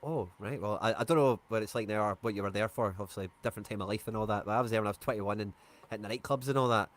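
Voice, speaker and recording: Scottish man, stream host, low voice, casual chat, rambling storyteller. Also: rapid-fire. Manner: chatty storyteller, says "aye".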